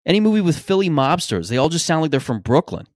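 A man's voice: on the high side, big pitch swings, fast, a little mellow, no room sound, studio quality. A man hosting a podcast in a casual, rambling, opinionated monologue, swearing freely. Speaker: podcast host.

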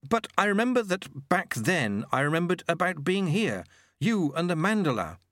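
A man's voice: high voice, sing-song, normal speed, fairly bright tone, dry recording, voice pushed up. A man voicing a young male thief turned novice monk, raising his voice into anxious questions. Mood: shaken.

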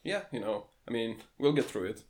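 A young man from England with a deep, warm voice, co-hosting a casual podcast with dry, deadpan quips. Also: moderate pace. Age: young adult. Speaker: podcast co-host. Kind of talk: casual comedic chat.

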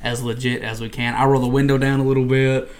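A young man co-hosting a casual podcast chat, earnest in tone and quick to laugh. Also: mid-range voice, little pitch movement. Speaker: podcast co-host.

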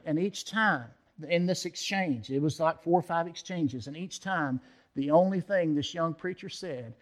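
A pastor delivers a sermon in an emphatic storytelling manner, his voice climbing for stress and falling hushed for prayer. He is a man with a fairly high speaking voice. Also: moderate pace. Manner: emphatic storytelling preacher, acts out quoted voices. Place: church.

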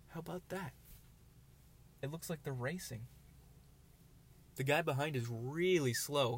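A tired young man hosting a casual solo podcast, rambling and self-deprecating, easily distracted, talking outdoors. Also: medium pitch. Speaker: podcast host.

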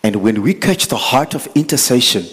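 A man's voice: mid-range voice, animated, normal speed, fairly bright tone, breathy edge. A man preaching a sermon, earnest and building to impassioned pleading. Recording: echoey hall with long reverb.

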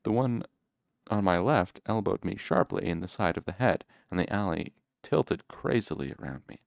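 A man reading a novel aloud in the first person, with measured, steady storytelling. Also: sits low, creaky, dry recording, clean studio sound. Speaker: audiobook reader.

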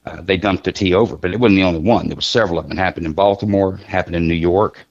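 A middle-aged man with a husky, deep voice chats loosely on a podcast. He rambles through stories with restarts and jokes. The recording sounds dull and lo-fi. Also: racing. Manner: rambling, joking storyteller with many restarts. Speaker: podcast guest. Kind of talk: casual chat.

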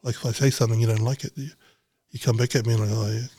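A man's voice: medium pitch, fairly even intonation, fast talker, warm tone, husky, dry recording. A man, a businessman guest in a casual podcast chat, talking bluntly, swearing freely and acting out little exchanges. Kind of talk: casual conversation.

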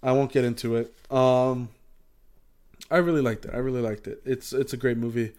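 A man's voice: mid-range voice, steady tone, moderate pace, a little mellow. A man co-hosting a podcast in casual chat, rambling with many fillers and freely swearing. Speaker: podcast co-host.

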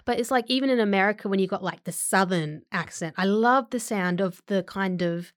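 A woman's voice: medium pitch, brisk, no room sound. Chatty woman actor giving an interview, casual and laughing, in a dry close recording. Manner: chatty, laughs often, many fillers. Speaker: actor and filmmaker guest.

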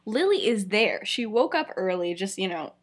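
A young woman co-hosting a podcast, retelling a story in casual chat, animated, with lots of fillers. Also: medium pitch, moderate pace. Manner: animated storytelling, many fillers, frequent laughs. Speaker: podcast co-host.

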